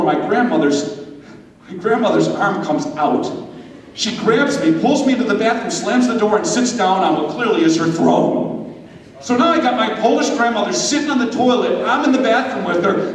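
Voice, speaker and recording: A man with a fairly high voice tells a story to a confirmation class with animated energy. He keeps turning to the crowd to address them directly. The sound is distant and washed in a long hall reverb, with a faint hum behind it. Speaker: confirmation speaker. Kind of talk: storytelling youth talk. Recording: echoey hall, distant mic.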